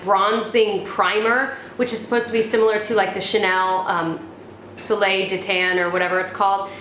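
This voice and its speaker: An American beauty vlogger, a young woman with a medium-pitched, fairly bright voice, reviews beauty products in a casual chat. She's chatty and rambling, full of fillers and restarts. The room is echoey with faint background noise.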